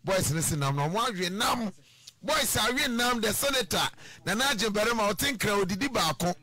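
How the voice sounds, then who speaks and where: Bright-voiced radio host. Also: male voice, sits high, animated, moderate pace, no echo. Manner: effusive, lots of thanks and shout-outs. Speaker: radio presenter. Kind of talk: radio talk show hosting.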